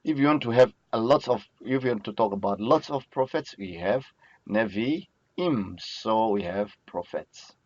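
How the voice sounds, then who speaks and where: A man with a lowish voice and talks through a recorded lesson at an unhurried pace, repeating each word to drill it. The sound is dry and dull, like a plain lo-fi recording. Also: animated, darkish tone, no room sound. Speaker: Biblical Hebrew teacher. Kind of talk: recorded lecture over slides.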